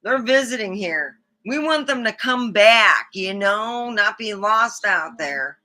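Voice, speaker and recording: A woman hosts her own live stream from a small studio, trading stories in a loose, chatty monologue. She's salty, blunt, and animated, cursing freely as she talks slowly in a medium-pitched voice with a bright, sharp edge.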